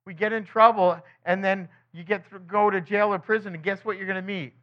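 With a high voice and a steady tone, a man teaches the Bible in a conversational sermon. He asks his listeners one rhetorical question after another and drops into quick acted quotes of others, recorded in dull lo-fi quality.

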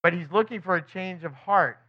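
A man with a high voice teaches a sermon in a relaxed, conversational way. He keeps asking rhetorical questions and slips into quick voices for the people in his stories. The recording is dull and lo-fi. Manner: asks the listeners frequent rhetorical questions; breaks into quick acted quotes of other people. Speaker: Bible teacher.

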